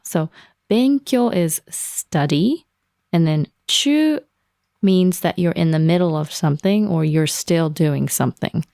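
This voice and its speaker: Woman, native Japanese speaker, low warm voice with fry, patient explainer, dry close mic. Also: expressive, no room sound. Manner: explains words slowly, laughs often. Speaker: Japanese teacher. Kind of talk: language lesson podcast.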